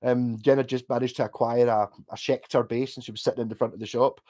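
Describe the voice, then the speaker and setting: A man's voice: mid-range voice, little pitch movement, fast talker, dark tone. A Scottish man hosting a livestream, chatting casually and answering viewer comments in a rambling, sweary way full of restarts. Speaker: livestream host.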